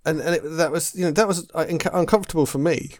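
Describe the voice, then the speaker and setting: A man's voice: a little high, quick pace, a little mellow, no echo, clean studio sound. A man from England co-hosting a podcast in casual chat, rambling and searching for words with many restarts. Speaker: podcast co-host.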